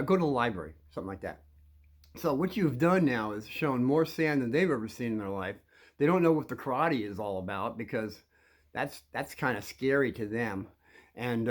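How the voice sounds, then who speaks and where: A man giving rambling advice to children about bullies, acting out scenes and bursting into loud quoted lines. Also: medium pitch.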